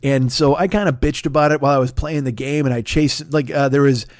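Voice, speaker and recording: A man's voice: medium pitch, fairly even intonation, brisk, dry recording. A man in his forties hosting his own podcast, rambling through plugs with self-deprecating, profane asides, recorded on a dry close mic. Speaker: podcast host. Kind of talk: casual solo podcast plugs.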